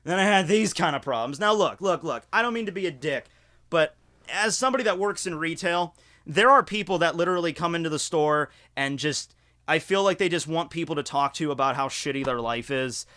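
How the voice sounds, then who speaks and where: Bright, rambling, profane storytelling man. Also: a little high, expressive, brisk. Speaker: YouTuber telling a story. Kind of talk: casual storytime vlog.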